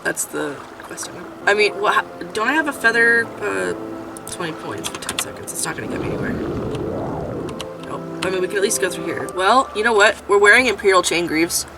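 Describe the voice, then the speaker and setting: A woman giving casual, chatty commentary while playing a game, swearing freely and breaking into loud outrage. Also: mid-range voice, animated, normal speed, far from the mic, over music. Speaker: gameplay commentator. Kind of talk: casual let's-play commentary.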